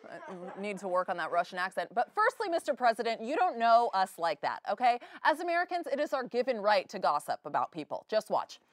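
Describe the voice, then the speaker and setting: A woman's voice: medium pitch, very animated, fast talker, few pauses, no echo, studio quality. A young woman anchoring a comedic student newscast with a playful, sarcastic delivery. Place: studio.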